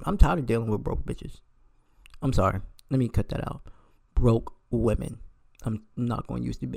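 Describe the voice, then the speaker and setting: A man's voice: mid-range voice, creaky, dark tone. A young man in a heated, profane casual rant, firing off rhetorical questions.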